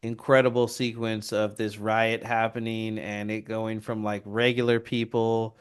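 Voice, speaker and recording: This man, co-hosting a podcast, recounts a film in loose, foul-mouthed chat, animatedly imitating what the characters say. His fairly low voice is smooth and unhurried.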